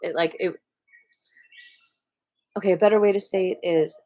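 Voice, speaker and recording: A woman's voice: lowish voice, moderate pace, no room sound. A woman giving a casual, rambling qigong meditation talk outdoors among trees, tired from a night up. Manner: rambling, relaxed, full of fillers. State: tired from staying up all night. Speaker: qigong teacher. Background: birds and rustling trees.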